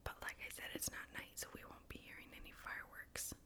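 A woman hosting an ASMR podcast, chatting casually in a whisper while playing a video game in her bedroom. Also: fast talker. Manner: casual, chatty, laughs easily. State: a bit out of breath. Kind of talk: whispered ASMR gameplay chat.

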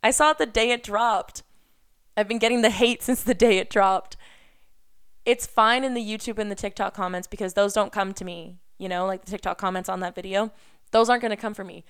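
A woman's voice: mid-range voice, a little fast, smooth. A young woman in her twenties ranting to camera in an unscripted vlog, blunt and defiant, swearing often. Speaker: vlogger.

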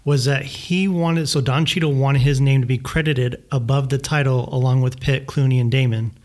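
A man's voice: mid-range voice, fairly even intonation, normal speed, a little mellow. A man co-hosting a casual podcast chat, passing on facts he has read up on. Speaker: co-host.

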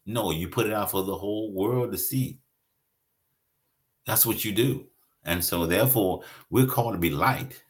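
A man's voice: lowish voice, normal speed. A man preaching a sermon in an earnest, repetitive style, stressing key words.

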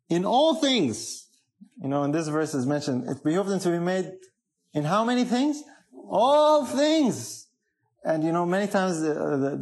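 A man's voice: on the high side, darkish tone. A man preaching a sermon, emphatic, often asking the congregation questions.

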